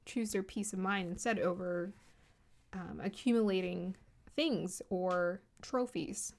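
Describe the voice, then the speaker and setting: A woman giving a casual spoken card reading to her viewers. She talks in a gentle, flowing, spiritual way and laughs softly now and then. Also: medium pitch, takes it slowly, creaky. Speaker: tarot card reader.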